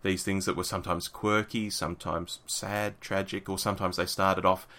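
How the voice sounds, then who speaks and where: A man's voice: low voice, little pitch movement, normal speed, bright, forceful tone. A man co-hosting a casual chat, reading passages from a book aloud and then talking them over with fillers and restarts. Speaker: podcast co-host reading from a book.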